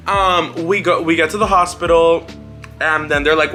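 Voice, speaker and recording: Bright-voiced young man, blunt and rambling. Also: fairly high pitch, unhurried, soft background music. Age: young adult, about 20. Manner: rambling, blunt and profane with frequent fillers. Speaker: vlogger. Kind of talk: casual storytelling life update.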